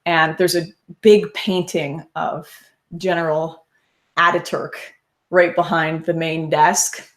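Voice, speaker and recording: A young woman casually telling a first-person story, animated and laughing often as she talks. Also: deep voice, slow.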